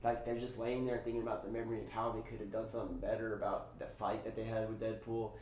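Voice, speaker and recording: Excitable slangy man telling a story. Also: lowish voice, quick pace. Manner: excited, slangy, many restarts and "he's like". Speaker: Twitch streamer. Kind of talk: casual rambling storytelling. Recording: echoey room with faint background noise.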